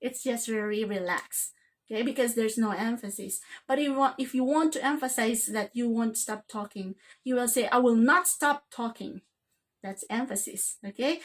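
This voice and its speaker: A woman teaching an English grammar lesson. Her voice sits a little high. She keeps checking in with "okay?" after almost every phrase. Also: moderate pace.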